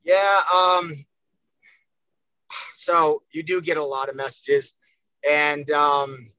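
High-voiced guy, swearing a lot, pumped up, dry slightly dull sound. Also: flat delivery, slow pace, sharp tone, smooth, dry recording. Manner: profane, fired-up, emphatic. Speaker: podcast guest, fighter. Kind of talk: casual podcast chat.

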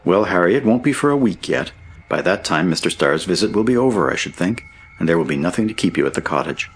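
A man's voice: low-pitched, animated, fast, slight background noise. A man reading an audiobook, voicing a cheerful young male Scottish miner turned farmhand in a hearty, merry way. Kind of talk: audiobook character voice.

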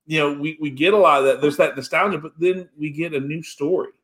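A man's voice: a little high, steady tone, fast talker, a bit bright. Rambling man in casual chat. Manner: rambling, full of "you know" fillers.

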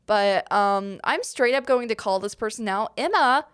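Chatty young woman with a smooth voice. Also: a little high, animated, normal speed, fairly bright tone. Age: young adult. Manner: chatty, rambling, many fillers and giggles. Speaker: podcast host. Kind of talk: casual Q&A chat.

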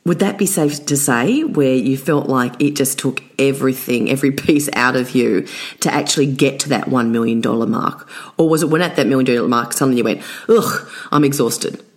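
Very low-voiced chatty woman host. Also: fairly quick. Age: 40s. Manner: chatty, laughs often, repeats words. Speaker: podcast host. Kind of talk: casual interview chat.

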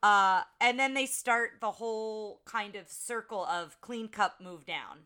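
A woman's voice: mid-range voice, a little slow, sharp tone, clean tone. A woman co-hosting a casual podcast, chattily retelling a film scene and acting out the characters' lines. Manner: chatty storytelling, frequent "like"s, acts out quotes. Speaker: podcast co-host.

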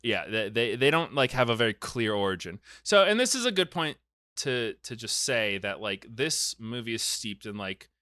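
A man's voice: medium pitch, very animated, moderate pace, pushed and bright, no echo, clean studio sound. A man hosting a casual podcast chat, recapping a film plot with jokes and mock-angry rants. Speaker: podcast host explaining a film saga.

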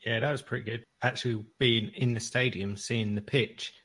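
A man's voice: medium pitch, fairly even intonation, normal speed, fairly bright tone, breathy edge. A man chatting casually as a podcast co-host, mostly chiming in with short remarks. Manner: brief agreeing remarks. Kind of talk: casual chat.

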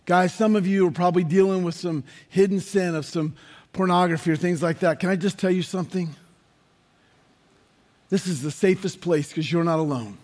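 A man preaches with a high, ringing voice, his words trailing off into the long echo of a large hall. He is fervent, rising often to shouted emphasis. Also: normal speed. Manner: impassioned, building to shouts. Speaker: pastor. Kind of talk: sermon.

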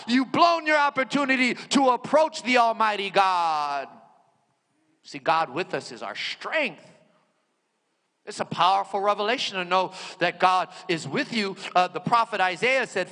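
A pastor preaching a sermon, rising into shouted bursts and dropping low and quiet for personal stories. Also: male voice. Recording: hall reverb.

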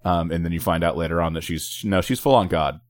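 Very deep-voiced man talking comics. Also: brisk, dry recording. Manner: enthusiastic comic book fan, stammering repeats. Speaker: podcast co-host. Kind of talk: casual movie review chat.

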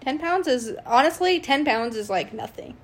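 A woman co-hosting a casual podcast chat, relaxed and often giggling, mostly giving short replies. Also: high-pitched, moderate pace. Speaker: podcast co-host.

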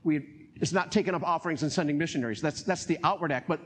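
A man with a North Carolina accent preaching a sermon as pastor, animated, laughing often and acting out voices. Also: a little high, fast talker, a little hiss or hum.

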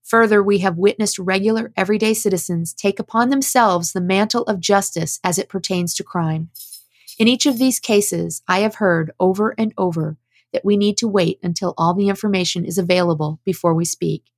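A woman's voice: medium pitch, normal speed, no echo. A woman giving impassioned spoken commentary, earnest and emphatic, at times preaching as she reads out prepared statements.

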